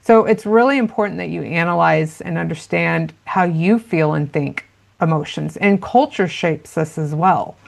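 A woman talks through her ideas in an interview, earnest and explanatory. Her voice sits low and carries a gravelly fry. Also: normal speed. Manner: earnest, explanatory, many fillers. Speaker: parenting expert guest. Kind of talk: interview conversation.

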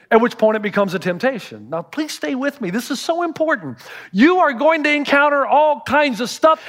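Man, pastor, sermon, middle-aged, animated storytelling, high voice, echoing hall. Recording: reverberant hall.

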